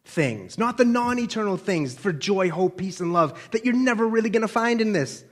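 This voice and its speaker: A man preaching a sermon earnestly, putting direct questions to the listener and dropping his voice for quieter asides. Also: high voice, lively intonation, normal speed.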